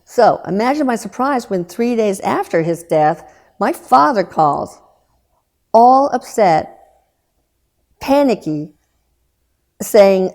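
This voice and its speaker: A woman in her sixties, a guest telling a painful personal story in an earnest, subdued way, halting with restarts and trailing pauses. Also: mid-range voice, very animated, darkish tone. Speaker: guest recounting loss.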